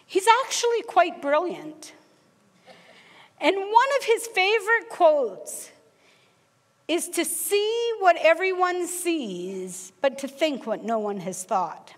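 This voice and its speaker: High-voiced woman preaching in a reverberant church. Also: takes it slowly. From Canada. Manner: animated storyteller, acts out dialogue. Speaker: guest preacher. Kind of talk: sermon with personal storytelling. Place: church sanctuary.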